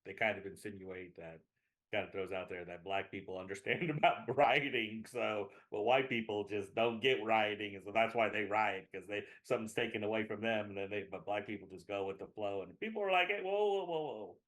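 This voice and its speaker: A middle-aged man co-hosting a casual music podcast, talking in an animated, jumpy way and often correcting himself. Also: fairly low pitch, brisk. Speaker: podcast co-host. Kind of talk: casual chat.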